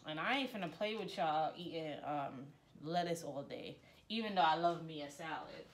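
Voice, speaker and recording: A woman's voice: sits low, animated, moderate pace. A young woman vlogging casually, playful and chatty, using lots of slang as she talks to her viewers. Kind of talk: casual chat.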